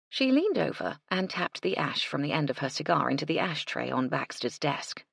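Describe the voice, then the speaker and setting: A woman narrating an audiobook in a measured, expressive reading on a close mic. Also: sits low, vocal fry, breathy edge, dry recording. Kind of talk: scripted narration.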